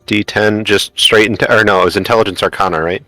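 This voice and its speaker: A man's voice: lowish voice, steady tone, fast, bright, forceful tone, no echo, faint music behind. A man playing a tabletop game, checking the rules aloud in a casual, unsure way. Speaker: player.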